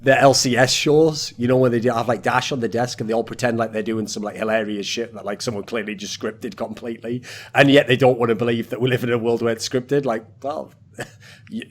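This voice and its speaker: Man, British accent, podcast host, teasing, profane, rambling banter, mid-pitched voice. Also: steady tone, fast. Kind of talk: casual podcast chat.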